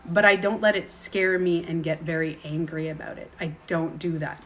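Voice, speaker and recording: A woman's voice: fairly low pitch, flat delivery, moderate pace, few pauses, a bit bright. A woman coach talking straight to the viewer in a chatty, rambling way, now and then acting out other people's voices. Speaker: self-projection coach. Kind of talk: casual direct-to-camera monologue.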